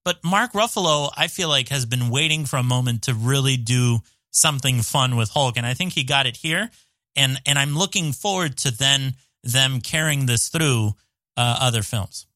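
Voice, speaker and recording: A man as a podcast guest in a casual film chat, halting and repeating words as he enthuses. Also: medium pitch, bright, forceful tone, no room sound.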